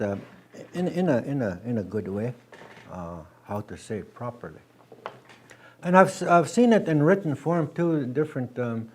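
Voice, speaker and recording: A man teaching a language class, patient and gentle, repeating words slowly with many halting restarts. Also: mid-range voice, a little hiss or hum.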